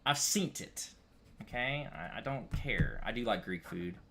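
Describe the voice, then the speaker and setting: A man's voice: animated, measured pace, vocal fry, a little hiss or hum. Ranting, foul-mouthed man from upstate New York. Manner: profane, ranting, swinging loud and high when worked up; rambling with frequent restarts and "dude". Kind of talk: casual chat.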